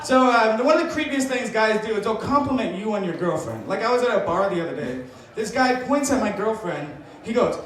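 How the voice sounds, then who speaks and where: A high-voiced stand-up comic delivers dark jokes in a deadpan way, his voice jumping around in pitch. He is picked up from a distance in a very echoey club. A crowd laughs loudly behind him. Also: fairly quick. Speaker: stand-up comedian. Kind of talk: stand-up comedy set. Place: comedy club stage. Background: audience laughter.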